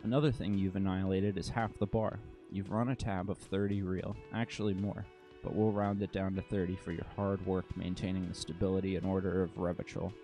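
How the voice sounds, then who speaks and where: A man's voice: deep voice, level tone, a little fast, hardly any pauses, warm tone, faint music behind. A man reading the part of a sarcastic, prickly male hotel manager who talks in a haughty mock-aristocratic way.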